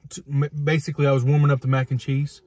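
Husky laid-back man joking dryly. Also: medium pitch, little pitch movement, fast, a little mellow, no echo. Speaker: co-host, partner. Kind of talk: casual chat while eating.

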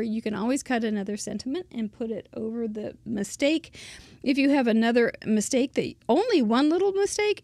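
A woman's voice: a little high, darkish tone, dry recording. Chatty woman teaching a craft. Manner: chatty, rambling, thinks aloud while working. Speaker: card-making instructor. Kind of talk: casual craft tutorial.

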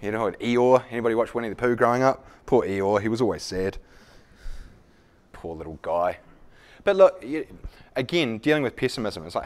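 His medium-pitched voice swoops wildly, carrying a fairly bright tone at a normal speed with frequent pauses. Leading a live leadership workshop, the man speaks conversationally, mocks himself and dramatizes sample dialogues for the room.

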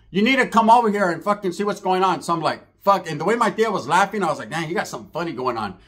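A man's voice: on the high side, fairly bright tone. A man telling a profane comic street story and acting out the voices of the people in it. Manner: acts out quotes in shifting voices, slangy and profane. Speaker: storyteller comedian.

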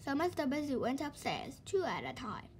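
A woman reading a children's book aloud in a lively, expressive way. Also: high voice, normal speed, a little hiss or hum. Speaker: storybook reader.

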